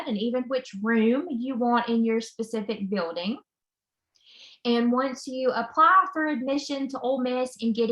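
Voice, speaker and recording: Her voice is a little high and fairly bright as this admissions counselor for a college delivers an informational talk on a video call. She stays upbeat and enthusiastic, though "um" slips in often. The recording has an echoey room sound.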